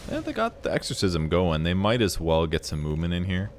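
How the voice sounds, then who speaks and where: A very deep-voiced male esports analyst talking through builds in a casual, explanatory way. His tone stays relaxed and conversational. A faint hiss runs under the recording. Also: fairly quick. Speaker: host and analyst caster. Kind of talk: esports color commentary.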